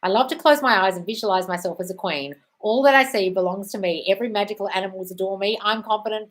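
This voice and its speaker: A woman's voice: mid-range voice, fast, hardly any pauses, rough recording. A woman hosting a live stream, reading out viewer questions and answering them in a breezy, chatty way, calling everyone darling. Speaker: host.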